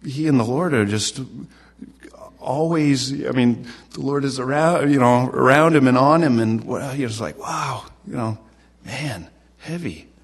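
A man's voice: mid-range voice, normal speed. A man preaching a casual, conversational sermon, often repeating himself and restarting his phrases. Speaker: pastor.

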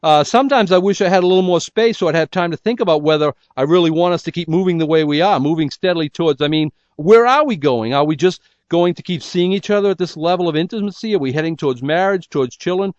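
A man voicing an anxious young woman who second-guesses her relationship out loud. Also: a little high, dry recording, lo-fi sound, pitched above the performer's own voice, lightly acted. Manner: worried, second-guessing, rushing questions.

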